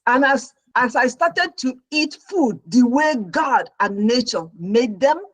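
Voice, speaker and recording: A middle-aged woman, a registered nurse, telling her own story as a talk show guest with lively, dramatic delivery. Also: high-pitched, slow, no room sound, low-quality recording. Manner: animated storyteller who acts out her own past reactions.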